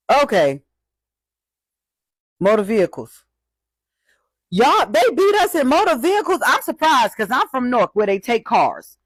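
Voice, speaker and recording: Slow, mocking voice reading out statistics. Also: medium pitch, dry recording. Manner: mocking, reacts to each figure. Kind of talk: casual commentary reading out statistics.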